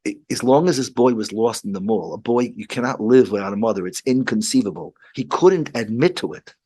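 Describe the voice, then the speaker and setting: A rabbi telling a story in casual chat, halting with frequent restarts. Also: male voice, medium pitch, lively intonation, warm tone, breathy edge.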